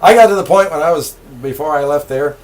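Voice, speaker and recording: A man's voice: on the high side, fast talker. An older man, a retired railroad engineer, telling his stories in an interview with plenty of laughter. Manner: lively, laughing, animated storyteller. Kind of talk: storytelling interview.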